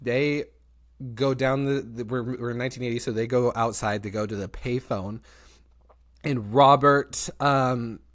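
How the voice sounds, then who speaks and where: A young man hosting a podcast, telling a story in casual chat, animated, laughing often and swearing freely. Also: mid-range voice, measured pace. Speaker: podcast host.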